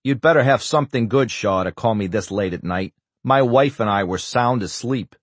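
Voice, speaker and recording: A man's voice: medium pitch, moderate pace, no echo, pitched above the performer's own voice, lightly acted. A man reading an audiobook, voicing a furious, imperious older male senator who barks scornful demands. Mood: impatient.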